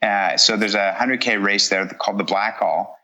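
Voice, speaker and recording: A man's voice: fairly low pitch, moderate pace, bright, forceful tone, muffled recording. A man being interviewed as a guest, talking in an upbeat, enthusiastic way with frequent fillers. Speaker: guest runner. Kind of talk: casual interview chat.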